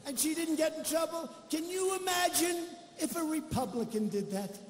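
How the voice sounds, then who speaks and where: A man's voice: very high-pitched, moderate pace. A male politician giving a campaign rally speech, boastful and rambling, full of mocking asides. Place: large indoor rally venue. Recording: echoey arena with crowd ambience.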